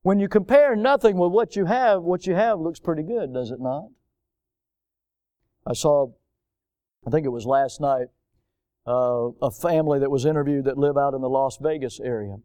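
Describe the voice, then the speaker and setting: Older male pastor, sermon delivery, smooth clear voice, dry close sound, lively mocking asides. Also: fairly high pitch, moderate pace, pauses often, dry recording. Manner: animated preaching with mocking voices for quoted people. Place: church.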